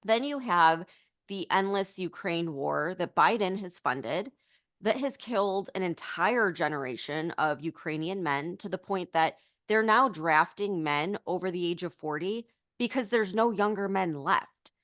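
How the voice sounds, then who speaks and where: A woman's voice: fairly low pitch, animated, measured pace, fairly bright tone, no room sound, studio quality. A woman co-hosting a political podcast, talking in an indignant, urgent way, full of "like" and "you know". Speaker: podcast co-host.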